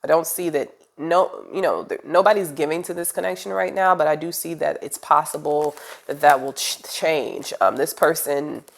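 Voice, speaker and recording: A woman with a low voice reads tarot cards aloud in a loose, chatty way. She sounds congested from a cold, and her talk drifts and rambles with "um"s and "you know"s. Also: normal speed, gravelly. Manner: chatty, rambling, direct address with fillers. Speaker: tarot reader. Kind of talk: casual tarot reading.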